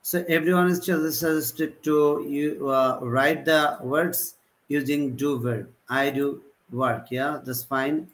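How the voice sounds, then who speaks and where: Man, teacher on a live class, slow and halting, fairly high voice, repeats examples. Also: steady tone, fairly bright tone, low-quality recording. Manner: repetitive example sentences, halting delivery. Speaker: English teacher. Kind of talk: live online typing class.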